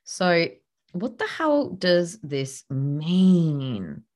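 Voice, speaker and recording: A woman's voice: lowish voice, big pitch swings, extremely slow, a little mellow. A woman hosting a podcast, coaching listeners on copywriting in a punchy, emphatic, casual way. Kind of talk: casual teaching monologue.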